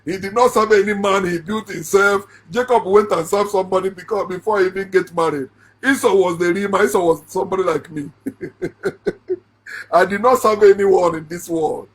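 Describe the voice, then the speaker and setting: In a high voice with a breathy edge, at a moderate pace, a middle-aged man with a Nigerian accent pokes fun at a Bible passage as an online commentator. He's sarcastic, laughs often, and escalates into shouting.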